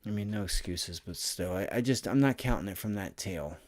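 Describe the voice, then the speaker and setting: Male host, low voice, excitable live trading commentary, tired but animated, casual swearing. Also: brisk. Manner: energetic and excitable, swearing, talking to chat. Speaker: stock trading livestream host.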